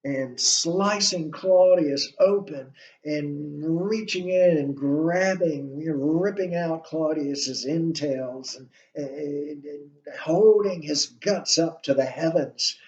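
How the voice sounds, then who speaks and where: A man giving a recorded literature lecture, halting, with frequent fillers and restarts. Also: on the high side, darkish tone. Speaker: literature instructor. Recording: echoey room, dull lo-fi sound.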